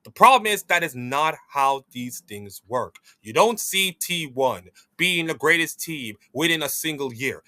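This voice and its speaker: A man hosting an esports news show, giving opinionated commentary in a rambling, animated way with frequent restarts. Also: mid-range voice, normal speed, hardly any pauses, no echo.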